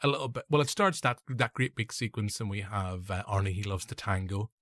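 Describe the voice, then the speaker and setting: A Northern Irish man in his younger years chats through a film review, wandering between thoughts and correcting himself as he goes. His voice sits fairly low. It is recorded close and dry, with no room sound. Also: steady tone, brisk, a bit bright, dry recording. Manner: rambling, self-correcting, joking asides. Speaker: podcast host. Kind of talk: casual film review chat.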